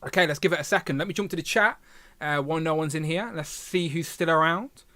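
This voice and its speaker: A chatty man hosts a casual livestream, his voice a touch higher than most. He sounds close to the mic in a dry, dead room, reading comments aloud and humming between thoughts. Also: fast talker, sharp tone, no room sound. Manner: chatty, reads chat aloud, filler hums. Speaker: livestream host.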